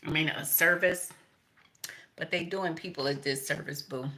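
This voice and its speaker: Middle-aged woman, low voice but bright and sharp, cussing and rambling. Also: fairly even intonation, moderate pace. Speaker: tarot reader. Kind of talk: casual rambling monologue.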